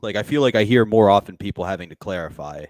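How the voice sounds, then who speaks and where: Deep-voiced man with a dry sound. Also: lively intonation, fast talker, darkish tone, dry recording. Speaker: podcast co-host. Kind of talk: casual chat.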